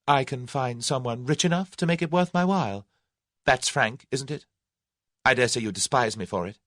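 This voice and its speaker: A man voicing a spirited, quick-tempered young English woman with sharp, indignant retorts. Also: medium pitch, dry recording, clean studio sound, voice pushed up, natural voice.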